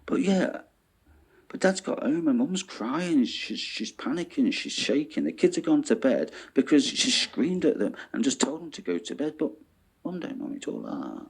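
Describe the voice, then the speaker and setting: Male vlogger, husky voice, swings widely in pitch, ranting monologue. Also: normal speed. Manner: animated, swearing, checks in with "yeah?".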